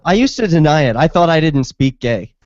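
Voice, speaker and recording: A man's voice: a little high, very animated, a little fast, darkish tone, no room sound. A man hosting a casual talk show, chatting, asking probing questions and reading out listener comments. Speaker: show host. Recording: dry, dull lo-fi sound.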